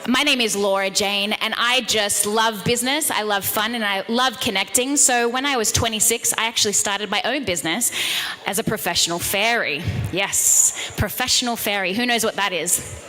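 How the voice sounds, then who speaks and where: A woman in her thirties gives a motivational talk with a bright, forceful voice. She is energetic and playful and keeps talking straight to the crowd through a handheld microphone. Her words ring out with a long reverb from the hall. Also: mid-range voice, moderate pace, faint music behind. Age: 30s. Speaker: motivational speaker. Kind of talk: motivational talk to a live audience. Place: event room with an audience.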